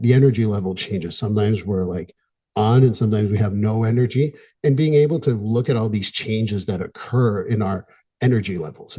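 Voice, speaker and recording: A middle-aged man, a therapist hosting a podcast, talking in an earnest, candid way with frequent pauses. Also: lowish voice, warm tone, breathy edge, dull audio. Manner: earnest, candid, pausing, gets emotional at times. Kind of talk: reflective podcast monologue.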